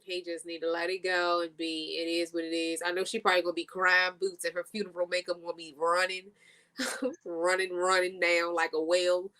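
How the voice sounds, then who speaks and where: A woman's voice: lowish voice, flat delivery, brisk, bright, forceful tone, clear, resonant tone. A woman co-hosting a casual review chat over a video call, talking in slangy, chatty bursts and laughing often. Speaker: co-host of a reality show review.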